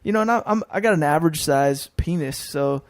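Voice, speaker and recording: A man's voice: a little high, fairly quick, dry recording, studio quality. A man chatting casually on a podcast in a laid-back way with crude humor. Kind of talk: casual chat.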